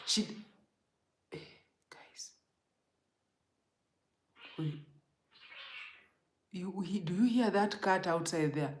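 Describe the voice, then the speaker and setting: A woman's voice: lowish voice, extremely slow, pauses often, roomy sound, a little hiss or hum. A Kenyan woman telling an emotional, rambling storytime to her viewers, often calling them guys. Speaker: vlogger. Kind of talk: storytime vlog.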